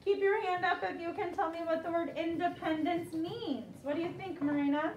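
A woman teaching second graders, saying words slowly and clearly for the class to repeat. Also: very high-pitched, fairly even intonation, darkish tone, muffled recording, a little hiss or hum. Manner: slow, clear call-and-response teaching. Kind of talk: classroom vocabulary lesson. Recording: echoey classroom mic from far off.

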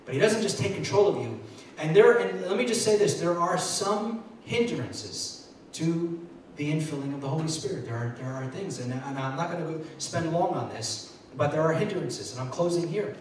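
An earnest male pastor preaching, stumbling over repeated words and rising into excited bursts. His voice comes from a distance in a very echoey church hall. A faint hiss sits under it. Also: a little high, moderate pace. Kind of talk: sermon. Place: church sanctuary. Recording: echoey hall, mic far off, faint noise.

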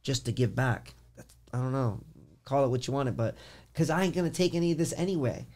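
A man on a podcast casually telling a story in an animated, rambling way, full of "like" and restarts. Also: medium pitch, fast talker. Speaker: podcast host.

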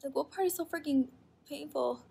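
A woman's voice: high voice, moderate pace, gravelly, dark tone. A young woman vlogging casually as she tries a skincare test, gasping, exclaiming and often dropping to a whisper. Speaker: YouTuber. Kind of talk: casual vlog narration while doing a skincare test.

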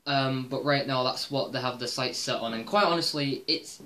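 A man's voice: medium pitch, normal speed, pushed and bright. Rambling, foul-mouthed male wrestling vlogger. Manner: rambling and profane, with frequent "um" fillers. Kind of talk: casual opinion monologue.

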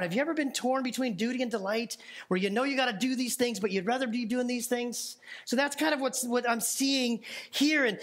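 A man's voice: very high voice, fairly bright tone. A man preaching a sermon as pastor, in a conversational, playful way that asks questions of the congregation. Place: church sanctuary.

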